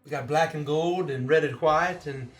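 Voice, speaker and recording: A man's voice: a little high, moderate pace, faint music behind. A man role-playing in a tabletop game, chatty with quaint formal phrasing. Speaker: player. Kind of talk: in-character tabletop role-play.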